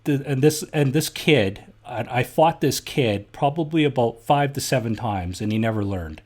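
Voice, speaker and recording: A man's voice: medium pitch, animated, normal speed, a little mellow. A middle-aged man, a podcast host telling stories in a casual, blunt and heated way, swearing freely. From Canada. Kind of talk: casual storytelling chat.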